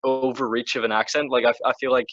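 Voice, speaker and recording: A Northern Irish man chats on a podcast, his talk winding through fillers and restarts. His voice sits at a middling pitch. The sound is dry and a little dull, like a lo-fi home recording. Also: little pitch movement, fast, a bit bright, dry recording. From Northern Ireland. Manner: rambling, many restarts and fillers. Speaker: podcast co-host. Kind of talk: casual chat.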